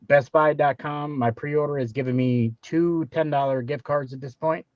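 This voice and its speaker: A man's voice: fairly high pitch, fairly even intonation, normal speed, no echo. A man on a gaming podcast, boasting and joking. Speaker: podcast co-host. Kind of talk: casual chat. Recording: dull, lo-fi, dry.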